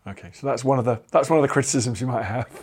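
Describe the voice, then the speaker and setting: A man hosting a podcast, asking halting interview questions with several restarts. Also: mid-range voice, darkish tone, husky. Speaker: podcast host.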